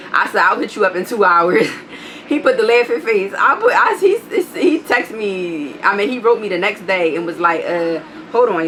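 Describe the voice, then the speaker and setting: A woman vlogger telling a storytime, blunt and profane, animated as she reads out text messages. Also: low voice, slight background noise, low-quality recording. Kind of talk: storytime vlog.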